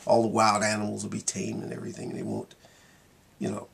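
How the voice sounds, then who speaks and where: A man's voice: lowish voice, completely flat delivery, a little fast, creaky, fairly bright tone, slightly rough. A man giving a casual, rambling monologue in his vlog, wry and laughing at himself. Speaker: vlogger.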